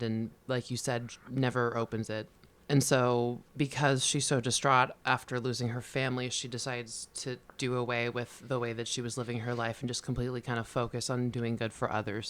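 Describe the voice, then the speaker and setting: A man's voice: medium pitch, fairly bright tone. A man co-hosting a casual book podcast. He rambles through his ideas with many restarts and gets emotional as he talks. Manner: emotional, gets choked up while retelling. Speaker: podcast co-host.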